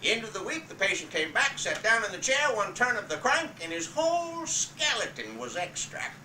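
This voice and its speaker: A man's voice: high-pitched, very animated, sharp tone, a little hiss or hum, pitched above the performer's own voice, full character voice. Man doing a drawling old tall-tale humorist. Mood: wry. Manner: drawling, dry storyteller with "uh" and "oh" pauses. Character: folksy old male 19th-century humorist spinning tall tales. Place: family home. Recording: roomy, distant home video.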